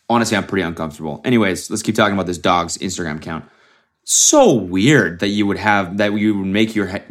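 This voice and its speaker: A man hosting a podcast, ranting casually and mockingly, with frequent swearing, from a very hot room. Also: on the low side. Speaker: podcast host. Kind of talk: casual solo rant.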